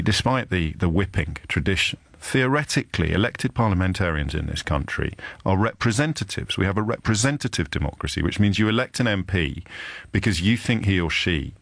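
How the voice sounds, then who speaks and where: Male talk radio host, deep voice, slight Kidderminster accent, sardonic, measured, dry booth sound. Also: fairly bright tone, no echo. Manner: emphatic, sardonic, deliberate pauses. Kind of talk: live radio monologue. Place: radio studio. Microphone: studio microphone.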